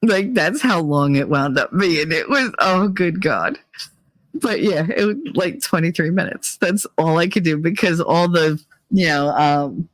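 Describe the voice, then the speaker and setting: A woman's voice: deep voice, unhurried, no echo. A woman hosting a livestream in casual chat, blunt and rambling, swearing freely. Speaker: livestream host.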